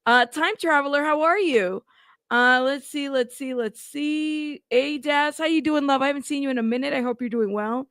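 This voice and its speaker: A woman's voice: high voice, moderate pace, fairly bright tone, no echo, studio quality. A woman hosting a casual livestream, bubbly and chatty, greeting chat members by name. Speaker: livestream host. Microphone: plug-in mic at a computer.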